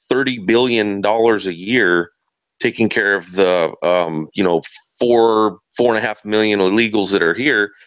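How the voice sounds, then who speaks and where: A man's voice: on the low side, fairly bright tone, no room sound. A man in casual political chat, earnest and opinionated, often adding "man" to his sentences. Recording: dull lo-fi sound, dry.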